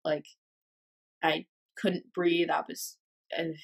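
A teenage girl telling a personal story in a confessional vlog, speaking hesitantly with many pauses and fillers. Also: lowish voice, flat delivery, a bit bright. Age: teens. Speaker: vlogger.

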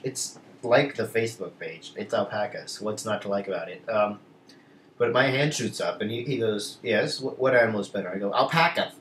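A teenage boy chatting on his vlog in a loose, rambling way, full of restarts and side remarks. His voice sits slightly low and is picked up from a distance. The room echoes around him, with faint noise underneath. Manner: rambling, many restarts and asides. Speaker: vlogger. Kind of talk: casual storytelling vlog.

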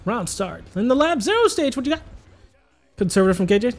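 A man giving playful, excitable live commentary on a fighting-game tournament, chanting along and laughing often. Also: sits high, brisk, soft background music.

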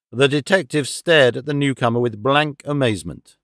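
This is a dry, studio-quality recording of a man narrating an audiobook. He reads the script in an even, measured storytelling style with a mid-range voice.

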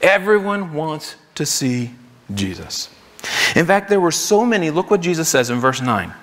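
A man's voice: a little high, very animated, moderate pace, a bit bright, in a large hall. A man preaching a sermon as pastor, in a conversational way, acting out what the crowds might say. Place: church sanctuary.

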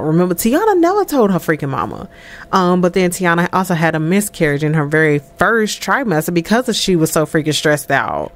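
A woman giving chatty, animated let's-play commentary over a life-sim game, laughing often. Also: lowish voice, normal speed. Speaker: gameplay commentator.

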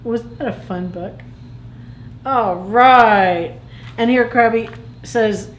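A woman librarian reading picture books aloud to children as a playful, animated storyteller. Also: on the high side, takes it slowly, pauses often. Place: museum room. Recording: echoey room with faint noise.

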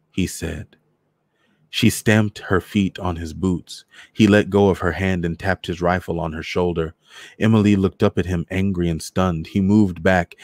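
A man doing a cold read of a short story in a measured, steady way. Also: deep voice, no echo, clean studio sound.

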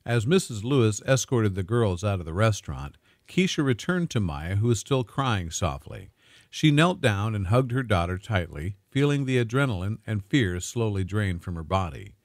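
A man smoothly narrating a dramatic story in a scripted, storytelling manner. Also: lowish voice, dry recording, clean studio sound.

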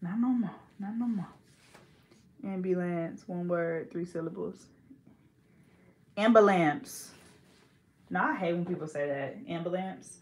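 A woman's voice: fairly low pitch, fairly quick, few pauses, darkish tone, reverberant, slight background noise. A young woman, a hair braider and vlogger, chatting casually and teasing while she works, drawing out words in mock pronunciations.

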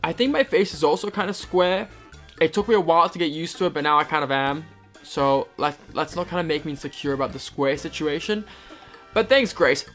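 In a fairly quick, fairly high, slightly bright voice, a young man with a British-American accent reads comments on his horse-riding vlog and responds with self-deprecating sarcasm. Faint music can be heard in the background.

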